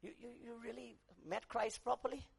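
A man preaching a sermon, dropping to quiet asides, rising to shouted emphasis, and acting out quoted voices. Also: extremely high pitch, steady tone, brisk, gravelly, breathy edge.

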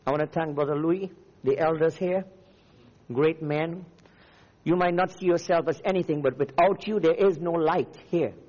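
A man's voice: fairly high pitch, normal speed, darkish tone, in a large hall, muffled recording. A man from Namibia preaching a fiery, declamatory sermon as a visiting preacher. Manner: fiery, declamatory, rising and falling.

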